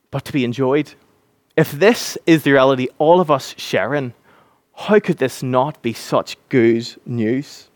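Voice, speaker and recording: A man preaching a sermon, earnest and animated when he acts out scenes. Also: mid-range voice, no room sound.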